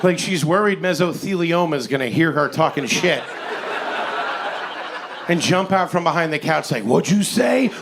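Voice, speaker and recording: A man in his forties performing a stand-up comedy set on stage, with an animated, incredulous, ranting delivery. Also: fairly high pitch, moderate pace, long pauses, background noise. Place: comedy stage before a live audience.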